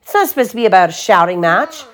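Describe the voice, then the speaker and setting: A woman's voice: mid-range voice, big pitch swings, quick pace, close to an everyday voice. Woman doing cheerful firm papa bear. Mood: jovial. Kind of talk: children's storybook read-aloud.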